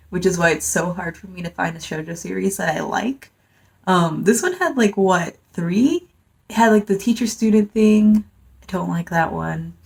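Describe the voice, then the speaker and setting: A woman's voice: lowish voice, vocal fry. A woman giving a casual manga review, rambling and dry, full of fillers and sarcastic asides. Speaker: book reviewer.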